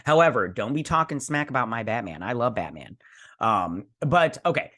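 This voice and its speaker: A man's voice: mid-range voice, animated, normal speed, fairly bright tone. A man hosting a casual reaction show, reading a news article aloud and rambling with his own asides. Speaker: host.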